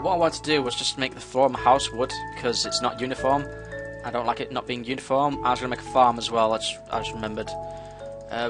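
A man giving casual, excitable commentary as he plays a game, talking to himself with sudden yelps. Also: medium pitch. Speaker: gameplay commentator.

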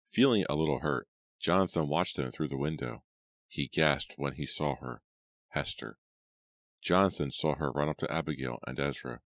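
एक आदमी, बहुत गहरी आवाज़ में ऑडियोबुक सुनाता हुआ, सूखी, बिना गूँज की रिकॉर्डिंग।. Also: male voice, very deep voice, no echo. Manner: steady, measured storytelling. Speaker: audiobook narrator. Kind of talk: scripted narration.

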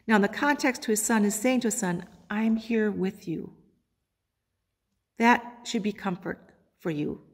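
A woman pastor preaching a sermon, quoting scripture with dramatic pauses. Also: medium pitch. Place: church sanctuary. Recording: long hall reverb.

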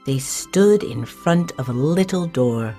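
Slow, low-voiced woman narrating a story. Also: expressive, mellow, soft background music.

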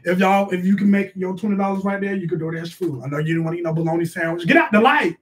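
A man's voice: high-pitched, natural voice. A man playing a bossy, sassy middle-aged mother who scolds her kids while hosting a live stream from a bedroom. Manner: scolding, brash, quick to snap at the kids. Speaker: live stream host reading donations. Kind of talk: comic live-stream character sketch. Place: bedroom at home.

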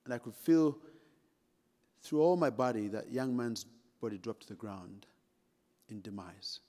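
In a large conference hall with long reverb, a middle-aged man from Uganda delivers a keynote built around a dramatic story with jokes, speaking straight to the audience. His voice is medium-pitched and mellow, with lively intonation and a measured pace.

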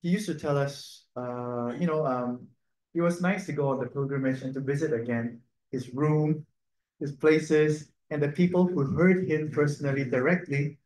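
A man's voice: a little high, normal speed, a little mellow, a little hiss or hum. A male priest with a Filipino English accent giving a conversational sermon, full of laughing asides and "no?" tag questions. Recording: echoey room.

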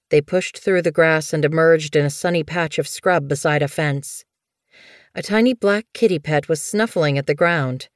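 Narrating an audiobook, a deep-voiced woman reads with measured, expressive storytelling. It's a dry recording of studio quality.

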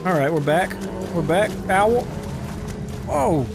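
A man with a Southern US accent giving profane, excitable let's-play commentary, yelping and shouting when startled. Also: high-pitched, slow, creaky, long pauses, over music. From United States. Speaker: gaming YouTuber.

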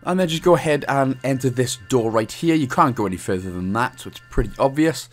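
A man's voice: medium pitch, lively intonation, a little fast, soft background music. Cheeky Welsh man narrating a game. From Wales. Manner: chatty, cheeky, jokes and laughs often. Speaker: game walkthrough host. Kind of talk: casual gameplay commentary.

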